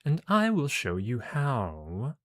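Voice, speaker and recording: A man reading a gentle telepath mentor. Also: mid-range voice, wildly swooping pitch, slow pace, pitched above the performer's own voice, full character voice. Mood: playful. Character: kindly older male telepath mentor.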